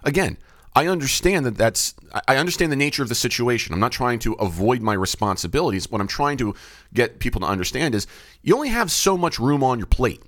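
In a mid-range, fairly bright and very animated voice, a middle-aged man thinks aloud at a quick pace during a reflective solo podcast. He hosts the show, works as a baseball umpire, and keeps asking himself questions and restarting. The studio sound is dry and close, with no echo.

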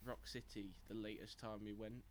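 A young man, co-hosting a podcast in casual chat, laid-back and a bit halting. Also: fairly low pitch, level tone, a little hiss or hum. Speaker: podcast co-host.

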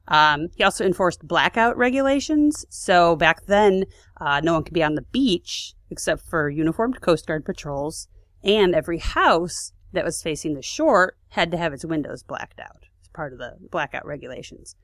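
Casual female podcast storyteller, lowish voice, dry close sound. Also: animated, moderate pace, fairly bright tone, dry recording. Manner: chatty, with fillers and asides. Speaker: podcast co-host.

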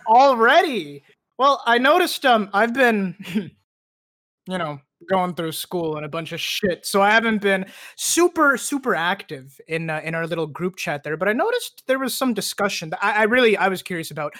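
A man's voice: sits high, expressive, normal speed, bright, forceful tone. A young man hosting a casual podcast over a voice chat call, teasing his friends with mock annoyance and frequent laughter. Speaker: podcast host. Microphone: joining over a voice chat call.

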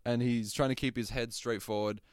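A man on a podcast, joking his way through a film recap. His voice is smooth and resonant, the sound is close and dry, and he drops into silly voices for the characters. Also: medium pitch, fairly quick, no room sound. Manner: jokey, animated storytelling with silly put-on voices. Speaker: podcast co-host. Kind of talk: casual chat recapping a film.

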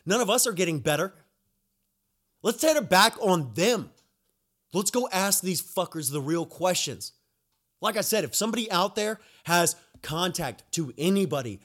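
A young man with a high, slightly bright voice hosts a podcast and goes on an angry, profanity-laced rant. He is recovering from being sick and repeats himself when he gets worked up.

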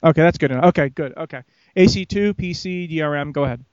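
A man's voice: fairly high pitch, fast talker, darkish tone, clear, resonant tone, no room sound, dull audio. A man hosting a casual gaming podcast who keeps joking, teasing his co-hosts and laughing. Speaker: podcast host.

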